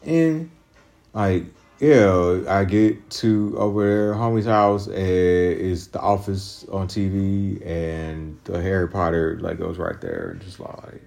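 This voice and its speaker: A man with a fairly low voice rants through a solo podcast monologue, rambling and swearing hard. His voice jumps up sharply when he mimics others. Faint music plays under his talk. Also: takes it slowly, creaky, few pauses, a little mellow. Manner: profane, rambling, agitated. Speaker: podcast host.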